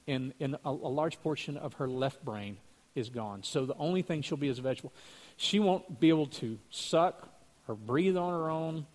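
A man earnestly telling a religious testimony story, acting out what other people said. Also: mid-range voice.

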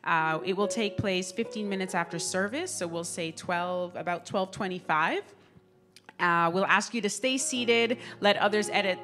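A woman's voice: medium pitch, normal speed. A woman giving friendly, casual church announcements in a large auditorium.

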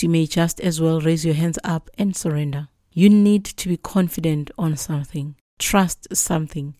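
Brief: earnest woman preacher, low mellow voice, dry close recording. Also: no echo. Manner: earnest, exhorting. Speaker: Bible teacher. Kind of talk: devotional Bible reading and preaching.

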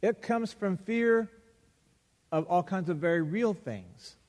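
A man preaching a sermon, acting out Bible dialogue with emphatic pauses. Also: high voice, expressive, darkish tone. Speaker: pastor. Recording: long hall reverb.

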